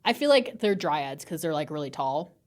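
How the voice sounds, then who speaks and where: A woman with a somewhat low voice, chatting easily on a book podcast. She laughs a lot and talks in a loose, friendly way with her co-host. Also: sing-song, normal speed. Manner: giggly, chatty, laughs often. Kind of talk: casual book-club chat.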